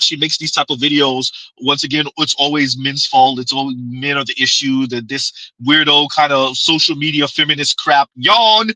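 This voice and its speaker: A man's voice: mid-range voice, bright, forceful tone, dry recording, low-quality recording. A man hosting a livestream with reaction commentary, talking in a mocking, sarcastic way. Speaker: streamer.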